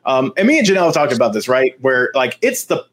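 Husky-voiced guy cohost, keeps repeating not even close style, emphatic. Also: medium pitch, fast talker. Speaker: co-host. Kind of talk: casual podcast chat.

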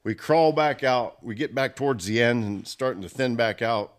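A man's voice: mid-range voice, moderate pace, no room sound, clean studio sound. A man telling a hunting story in casual, colloquial speech, laughing as he goes. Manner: animated, laughs through his story; rural colloquial grammar. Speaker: guest storyteller.

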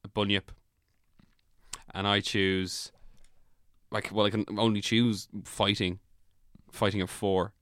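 A man's voice: on the low side, slow, long pauses, smooth, no room sound, studio quality. A man co-hosting a podcast, telling stories, teasing and swearing in casual banter. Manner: laughing, teasing, animated storytelling. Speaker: podcast co-host.

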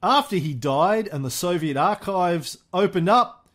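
A man's voice: high-pitched, expressive, a little slow, fairly bright tone. A man hosting a history podcast, telling the story in a chatty, casual way with frequent fillers and easy laughs. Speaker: podcast host.

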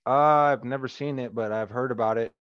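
A man's voice: mid-range voice, steady tone, fast talker, no room sound. A man on a podcast, rambling through casual comedic chat with lots of "like" fillers. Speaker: podcast co-host. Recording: dull lo-fi dry sound.

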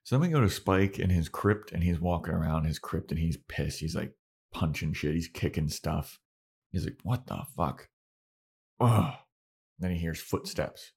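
A man co-hosting a podcast, casually recapping a TV episode, animated, swearing and laughing often. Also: sits low, moderate pace, gravelly, slightly rough. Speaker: podcast co-host.

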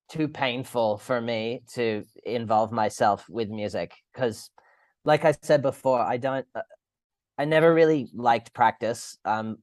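A man's voice: medium pitch, no echo, studio quality. A man with an Australian accent, a podcast guest chatting casually over a call, rambling and swearing as he restarts his sentences.

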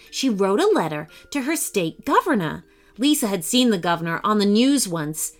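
A woman narrating a children's story in an expressive storytelling manner. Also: fairly high pitch.

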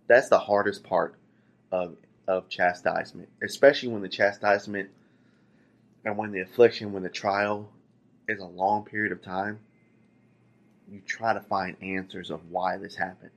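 A man's voice: low voice, fairly even intonation, moderate pace, creaky, pauses often, highs cut off. A man preaching a sermon, earnest, asking rhetorical questions and repeating key phrases.

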